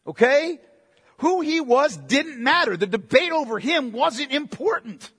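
A middle-aged man preaching a sermon in an animated, conversational way, asking listeners direct questions. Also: very high-pitched, a little slow, long reverb tail. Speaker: pastor.

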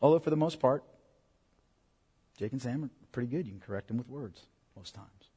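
A pastor preaching a sermon to parents in an earnest, emphatic way. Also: male voice, mid-range voice, brisk, mellow, breathy edge. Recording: long hall reverb.

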